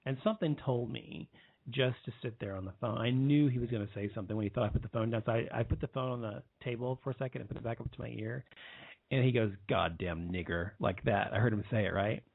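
A man in his thirties delivers a rambling, heated personal monologue at a middling pitch, often stopping and starting over mid-sentence. The sound is thin and phone-like, with no room echo at all. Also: steady tone, quick pace, gravelly, breathy edge. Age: 30s. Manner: rambling, heated, many restarts. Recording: tinny phone-like line.

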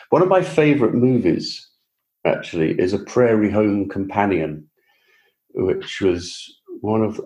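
In a casual interview, a guest author from England tells his story in a chatty, self-deprecating way, speaking with a Received Pronunciation accent. He has a lowish voice with a warm tone.

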